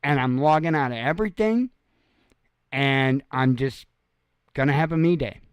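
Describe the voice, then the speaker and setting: A man's voice: mid-range voice, normal speed, clear, resonant tone, no echo. A tired, sore man speaking frankly in a rambling casual monologue, swearing freely. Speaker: host.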